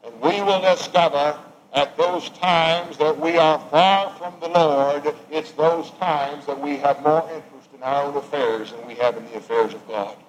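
A man preaching a sermon, swinging from raised emphatic lines to hushed, quiet ones. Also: fairly high pitch, fairly even intonation, moderate pace, poor audio.

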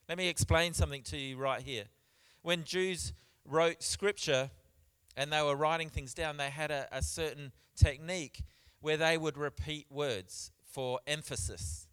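A man preaching a sermon in church, stressing points with repeats and swinging between loud and soft. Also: on the high side, clear, resonant tone. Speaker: pastor.

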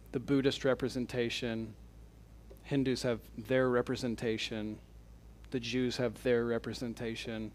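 A man, a pastor, giving a teaching sermon, paraphrasing quotes in his own words and checking in with his listeners. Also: mid-range voice. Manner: explains and paraphrases quotes in a lively way.

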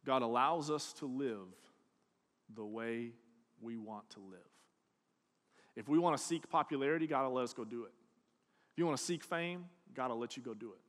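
A man preaching a sermon, telling a personal story and acting out quoted voices, swinging from hushed to loud. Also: mid-range voice, moderate pace, long pauses. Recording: long hall reverb.

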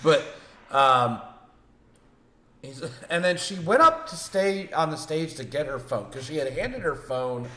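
A man co-hosting a casual podcast, telling a story in an animated way and cursing freely. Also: on the high side, unhurried, reverberant. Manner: animated storytelling, acts out quoted lines, swears a lot. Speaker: podcast co-host. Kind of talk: casual chat.

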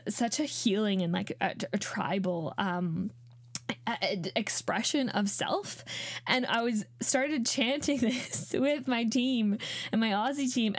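Podcast host, Canadian woman in her late twenties, chatty and emotional, lots of "um" and "like", slightly high voice. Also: dry recording. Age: late 20s. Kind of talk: personal storytelling.

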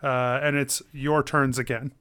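A man's voice: mid-range voice, a little slow, smooth, no echo. A man narrating as game master of a tabletop game, describing the action loosely with many fillers. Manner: relaxed, filler-heavy narration.

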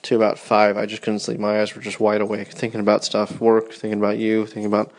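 A man's voice: fairly low pitch, completely flat delivery, fast talker. A tired man in his thirties, rambling tenderly and yawning as he records a personal podcast for his wife. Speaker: podcast host.

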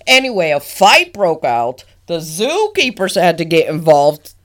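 A woman's voice: on the low side, unhurried. A woman co-hosting a podcast in casual chat, telling stories with laughter and acting out voices. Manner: laughing, animated storyteller who acts out voices. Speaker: podcast co-host.

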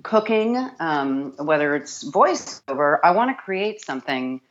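A woman's voice: sits low, animated, unhurried, muffled recording. A woman audiobook narrator with a scratchy, sardonic voice, chatting animatedly as an interview guest and often restarting her sentences. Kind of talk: casual interview chat.

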